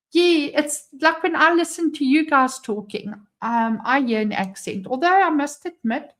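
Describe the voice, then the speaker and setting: A woman from South Africa with a South African English accent, hosting a casual live stream from home, chatting, laughing often and reading out viewer comments. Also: on the high side. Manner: chatty, laughs often, reads chat aloud. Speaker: livestream host. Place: home with front door open.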